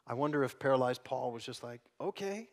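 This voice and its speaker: A man preaching a sermon as pastor, dropping to soft, hushed lines and then building to loud, emphatic passages. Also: mid-range voice, little pitch movement, fast talker. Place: church sanctuary.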